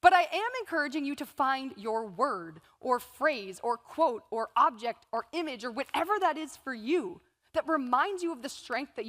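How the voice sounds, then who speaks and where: The keynote speaker, a woman in her thirties, has a high and fairly bright voice as she motivates an audience in a large event hall. She relies on storytelling, voicing her inner thoughts and quotes aloud. Long reverb from the hall is audible.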